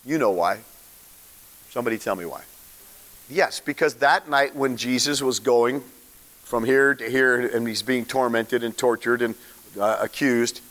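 A man preaching a sermon in a casual, animated storytelling way, using slang and acting out the characters. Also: medium pitch, a little slow, long pauses, big-room sound. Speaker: pastor.

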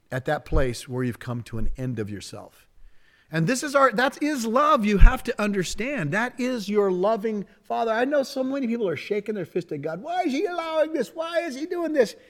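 A middle-aged man preaching a sermon in a folksy, conversational way, with asides and laughter shared with his congregation. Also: a little high. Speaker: pastor.

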